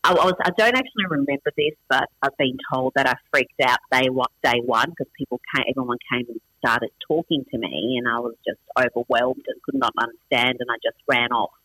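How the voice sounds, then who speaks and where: A man's voice: mid-range voice, brisk, hardly any pauses, sharp tone, husky, no echo, rough recording. A middle-aged man with an Australian accent, born in Iran with Farsi as his first language, chatting casually as an interview guest, self-deprecating and full of restarts and fillers.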